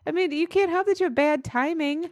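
A woman's voice: very high-pitched, brisk, dry recording. A middle-aged woman co-hosting a podcast, telling stories in casual chat and acting out the voices of the people she quotes. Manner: chatty storyteller who acts out quoted voices. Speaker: podcast co-host.

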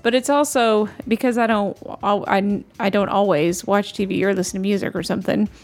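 A woman co-hosting a casual faith discussion, telling her own stories in an earnest, chatty way with quick asides. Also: mid-range voice, steady tone. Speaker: podcast co-host.

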